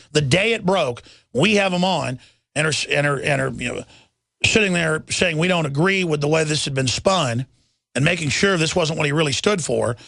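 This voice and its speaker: A man's voice: fairly high pitch, gravelly, a bit bright, dry recording. A middle-aged man hosting a talk radio show, delivering an urgent, emphatic monologue and reading headlines aloud.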